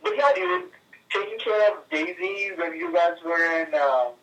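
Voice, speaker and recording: Man in his 30s, slightly high voice, hesitant, heard over a distant phone line. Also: huge pitch swings, a bit bright, slight background noise. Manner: halting, many fillers and restarts. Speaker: friend calling in. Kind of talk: casual phone conversation. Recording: tinny speakerphone from a distance.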